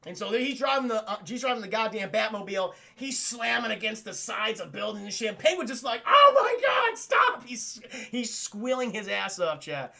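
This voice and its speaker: A man's voice: sits high, moderate pace, creaky, hardly any pauses, bright, forceful tone. A man streaming a cartoon review, rambling and swearing casually while talking to his chat. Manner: profane, rambling, keeps addressing the chat. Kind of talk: casual live-stream commentary.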